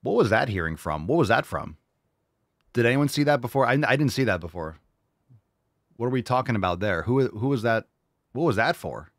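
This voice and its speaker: A man's voice: medium pitch, animated, brisk, long pauses, no room sound, studio quality. A man hosting a casual reaction show, talking bluntly and sarcastically with plenty of swearing. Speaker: show host.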